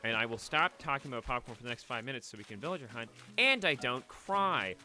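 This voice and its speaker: A man's voice: medium pitch, animated, quick pace, pushed and bright. A young man on a late-night game stream, rambling emotionally about a lost pet, choked up at times. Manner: rambling, emotional, with restarts and swearing.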